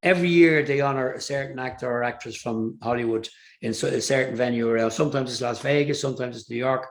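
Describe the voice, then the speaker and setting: An older Irish man, a singer from Ireland, speaks quickly in a mid-range voice. In a casual interview he tells rambling stories, full of fillers and restarts.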